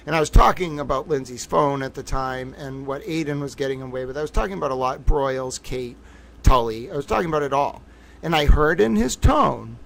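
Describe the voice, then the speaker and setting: A man's voice: mid-range voice, creaky. A man giving casual livestream commentary, talking in a rambling, profane and emphatic way.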